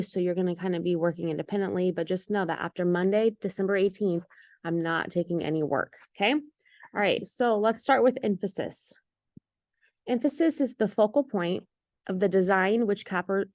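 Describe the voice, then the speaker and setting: A woman's voice: mid-range voice, darkish tone, dry recording, clean studio sound. Patient woman teaching art. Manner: clear, patient step-by-step instructions with fillers. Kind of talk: recorded classroom lesson.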